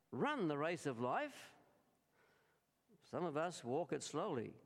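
An Australian man preaching a sermon, slow and deliberate, stressing key words and turning often to address the congregation. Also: a little high. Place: church. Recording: reverberant church hall.

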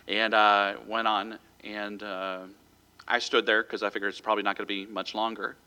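Pastor, male, bright forceful tone, relaxed storytelling sermon delivery. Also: on the low side, normal speed, clean tone. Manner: conversational storytelling with a light chuckle.

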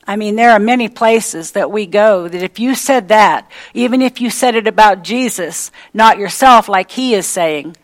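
A woman's voice: mid-range voice, normal speed, few pauses, poor audio. A woman preaching a sermon, emphatic and repetitive, with folksy everyday asides.

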